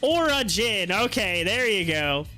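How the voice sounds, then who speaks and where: A man with an Ohio accent chats loosely on a live stream, rambling from point to point and laughing often. His voice is bright and forward, with faint music playing under it. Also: high voice, big pitch swings, a little slow. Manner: rambling, chatty, laughs often, drags out words. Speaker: stock market live stream host. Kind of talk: casual live-stream chat.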